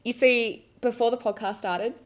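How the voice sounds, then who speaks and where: A woman's voice: fairly high pitch, moderate pace. Laughing woman telling a story. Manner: animated, laughs often. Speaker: podcast co-host. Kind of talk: casual chat, storytelling.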